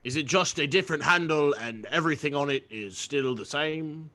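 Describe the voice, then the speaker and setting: A man's voice: fairly high pitch, moderate pace, sharp tone, no echo. A man playing a tabletop game, giving short eager replies. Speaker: player. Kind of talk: casual tabletop play.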